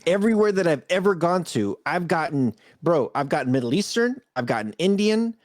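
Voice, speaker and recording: A man with a slightly high voice that swings up and down a lot as he tells stories, acting out what everyone said. It's a relaxed podcast chat recorded close up with a dry sound. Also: brisk, dry recording. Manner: animated storyteller, acts out quotes, laughs often. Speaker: podcast co-host. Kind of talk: casual chat.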